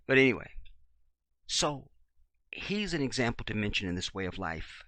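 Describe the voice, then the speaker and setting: A man, talking to his viewers in an animated monologue and acting out the voices of the people in his stories. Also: medium pitch, moderate pace, long pauses, no room sound. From Chicago, USA. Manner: animated storyteller, acts out dialogue, swings loud and soft. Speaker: video blogger. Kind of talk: casual monologue to camera.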